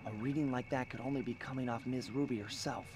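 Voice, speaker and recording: An actor voicing a cool male raccoon master thief in a video game, with a low, laid-back delivery. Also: steady tone, fast talker, very noisy, lightly acted. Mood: calm. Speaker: game character. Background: game music.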